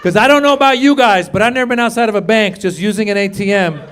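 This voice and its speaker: A man performing a stand-up comedy set, energetic, jumping to loud shouted punchlines and acted voices. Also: high-pitched, fast talker. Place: comedy stage with a live audience. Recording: live club recording, audience laughter and faint noise.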